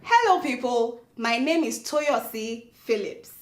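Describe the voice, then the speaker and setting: Slow-talking woman co-host in an echoey room. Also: fairly high pitch, animated, over loud music. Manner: chiming in with short reactions. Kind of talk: comedy show banter.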